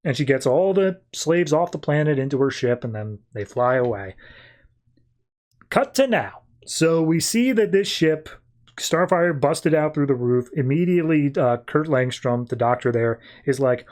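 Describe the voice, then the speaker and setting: A man's voice: on the high side, animated, unhurried, darkish tone. Chatty man recapping comics. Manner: chatty, filler-heavy storytelling. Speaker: podcast host. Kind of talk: casual comic book recap.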